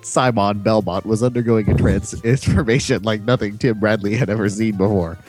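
A man narrating a novel in an expressive, dramatic reading. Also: fairly low pitch, normal speed, soft background music.

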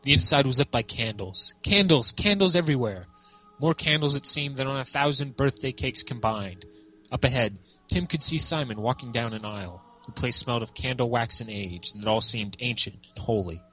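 A man narrating a storybook aloud with an amused, lively delivery. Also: mid-range voice, moderate pace, faint music behind. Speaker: reader. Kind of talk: reading a book aloud.

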